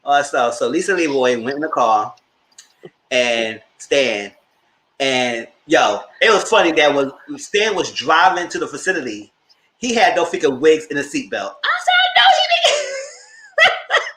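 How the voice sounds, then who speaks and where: A man hosting a TV review show, recapping scenes in a lively, casual way and acting out people's lines in exaggerated voices. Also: a little slow, echoey room. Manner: acts out quotes in exaggerated voices, squeals high.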